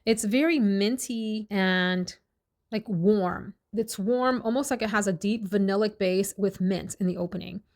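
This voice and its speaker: A woman's voice: medium pitch, a little mellow. A woman chatting casually in a fragrance review vlog, enthusiastic and talkative, dwelling on each scent note. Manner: chatty, enthusiastic, lists scent notes slowly.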